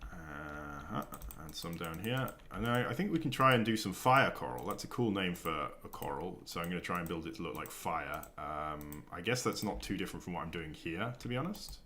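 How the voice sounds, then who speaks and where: A man's voice: low-pitched, lively intonation, brisk, hardly any pauses, sharp tone, a little hiss or hum. A young man chatting casually as a game streamer, rambling and thinking aloud with lots of ums. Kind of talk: casual chat while building in a video game. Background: faint keyboard clicks and typing.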